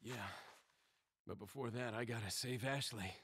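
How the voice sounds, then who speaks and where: An actor playing a steady, determined young male agent in a video game, his voice a bit husky and heard from a distance. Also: mid-range voice, moderate pace.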